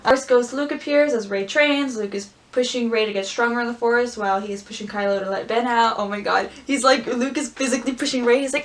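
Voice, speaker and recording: A woman vlogger reading aloud and chatting casually, gushing and squealing with excitement. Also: on the high side, fairly quick, few pauses. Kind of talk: casual script-reading commentary.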